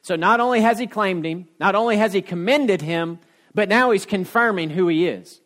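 High-voiced folksy preacher man. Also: moderate pace, fairly bright tone. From Ohio. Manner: folksy storytelling preacher, rising to emphatic peaks. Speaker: pastor. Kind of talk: sermon.

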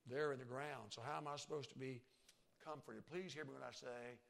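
Gravelly-voiced male preacher. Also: medium pitch, steady tone, brisk. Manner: emphatic, swings from soft to loud. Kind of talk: sermon.

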